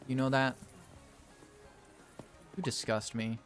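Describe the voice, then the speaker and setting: A man's voice: mid-range voice, steady tone, moderate pace, a bit bright, soft background music. A man playing a game and commenting as he goes, theatrical and exasperated as he scolds the characters. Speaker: gaming video creator.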